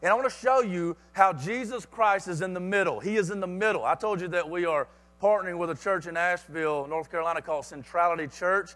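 A man's voice: high-pitched, fast, a bit bright. A man preaching a sermon with emphatic repetition and rhetorical questions.

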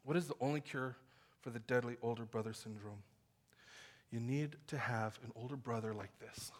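A man preaching a sermon as pastor, with impassioned delivery that swings between loud calls and quiet, intimate stretches. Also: mid-range voice, normal speed.

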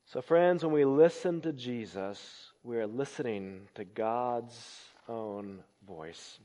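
A man's voice: takes it slowly, few pauses. Man preaching in a reverberant hall. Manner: dramatic swings from loud emphasis to hushed low phrases. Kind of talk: sermon. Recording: long reverb of a large hall.

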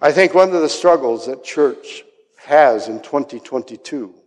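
A male pastor preaching a dramatic sermon, acting out the voices he quotes and dropping to soft asides. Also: mid-range voice, expressive, a little slow. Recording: long hall reverb.

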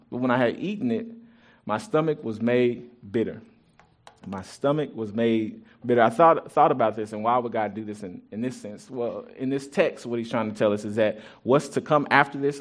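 A male pastor delivering a sermon, his voice sitting at an ordinary middle pitch. He talks to the congregation like a friend, joking now and then and circling back over his own phrases. His volume leaps up and drops back as he preaches. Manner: animated preaching with sudden jumps in loudness and frequent restarts. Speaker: pastor and youth track coach. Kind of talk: sermon, Bible teaching with personal stories.

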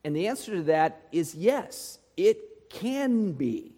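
A man's voice: high voice, big pitch swings, slow, warm tone, long reverb tail. A male pastor preaching a sermon in a conversational way, often putting rhetorical questions to his listeners.

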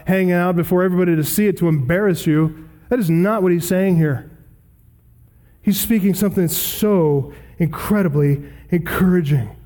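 A man preaching an expository sermon as pastor, emphatic and slowing down to stress scripture quotations. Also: high-pitched, warm tone.

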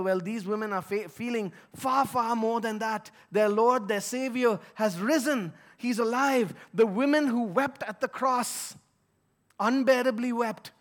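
A man's voice: high-pitched, fairly bright tone. A man giving an earnest, emphatic sermon as a pastor, reading scripture and explaining it.

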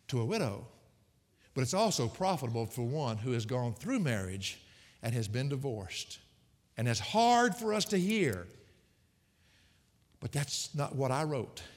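A male pastor preaching a sermon, an animated, folksy storyteller with humorous asides. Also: medium pitch. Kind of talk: sermon with personal stories. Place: church sanctuary. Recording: long reverb of a church hall.

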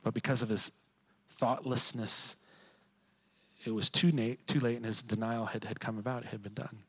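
A man preaching a sermon in a conversational way, sometimes quiet and reflective, sometimes rising to emphatic. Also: mid-range voice, flat delivery, moderate pace, slightly rough, rough recording. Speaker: pastor.

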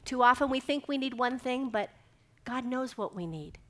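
A middle-aged woman delivers a devotional sermon in a slightly high voice. She tells her stories with animation, acting out each line of the dialogue herself. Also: expressive, moderate pace. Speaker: speaker giving a devotional talk. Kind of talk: sermon with personal storytelling.

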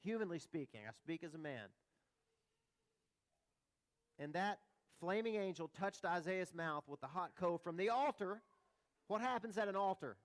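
Guy preaching a sermon, fairly high voice, chatty, keeps asking the crowd questions and cracking little jokes. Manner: conversational, humorous asides, rhetorical questions. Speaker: pastor.

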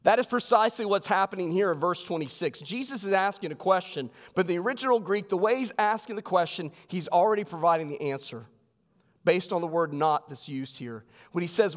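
A male pastor preaching a sermon with emphasis, his voice sinking low on key words. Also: lively intonation, fairly quick. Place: church sanctuary. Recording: long hall reverb.

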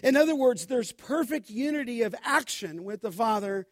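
High-voiced man preaching emphatically. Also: expressive, fairly bright tone, no room sound, studio quality. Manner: emphatic, slows down to stress scripture quotes; addresses listeners as "beloved". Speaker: pastor. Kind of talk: expository sermon.

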